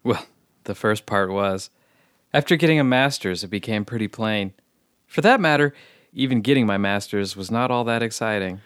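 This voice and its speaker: A man's voice: lowish voice, moderate pace, no room sound, clean studio sound, close to an everyday voice. A man playing a mild, baffled author. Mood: flat. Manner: flat, mildly baffled replies. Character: mild, plain male accountant author. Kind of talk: comedy sketch acting.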